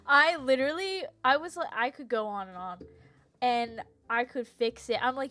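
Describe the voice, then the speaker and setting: A young woman streamer chats casually and rants animatedly about TV shows, laughing and tripping over her words on a live stream. Her voice sits on the high side, bright and forceful, with a slightly slow delivery over soft background music.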